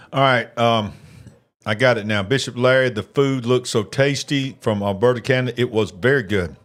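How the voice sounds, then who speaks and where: A man hosting a casual live election-night stream, chatting and eating while he reads viewer comments. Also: mid-range voice. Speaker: livestream host.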